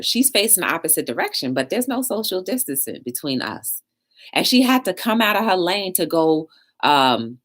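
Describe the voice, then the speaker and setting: Lively, low-voiced woman hosting a chat show. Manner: animated storytelling, reads chat aloud, slangy. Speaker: talk show host. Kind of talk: casual live-stream chat.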